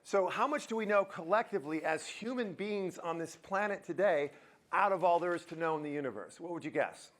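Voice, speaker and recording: Quizzing the audience and joking in a lively manner, a motivational speaker gives a live talk in a university auditorium. His voice sits high and his pace is fairly quick.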